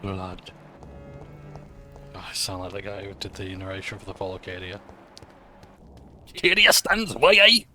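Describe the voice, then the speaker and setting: A man's voice: deep voice, completely flat delivery, moderate pace, long pauses, fairly bright tone. A man giving rambling, off-hand gameplay commentary, swearing now and then. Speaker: gaming vlogger. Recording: game music behind.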